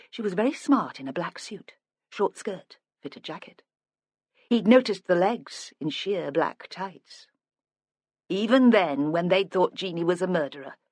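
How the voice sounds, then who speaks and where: An audiobook narrator with a mid-range voice reads a crime novel aloud in measured, even scripted narration. The recording is dry with clean studio sound.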